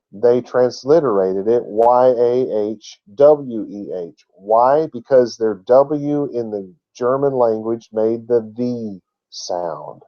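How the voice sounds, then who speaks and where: A man's voice: mid-range voice, lo-fi sound. A man giving an emphatic teaching talk who spells out words letter by letter. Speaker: Bible teacher.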